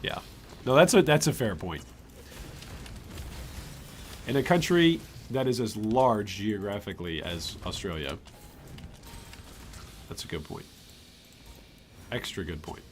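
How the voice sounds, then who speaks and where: Chatty male game streamer, animated voice. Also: fairly low pitch, unhurried, pauses often, slight background noise. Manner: chatty, reacts to chat, animated. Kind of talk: live-streamed gameplay commentary.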